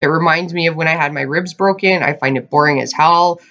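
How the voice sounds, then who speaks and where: Speaking a little fast in a low-sitting, somewhat bright voice, a tarot reader chats through a casual reading for her viewers, laughing often and addressing them as "you guys." The sound is dull and lo-fi.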